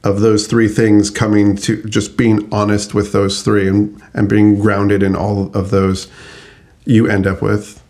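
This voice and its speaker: A man's voice: on the low side, monotone, unhurried, a little mellow. A man co-hosting a podcast, talking in a loose, chuckly way and correcting himself as he goes. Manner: conversational, chuckly, self-correcting. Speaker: podcast co-host. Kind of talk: casual chat.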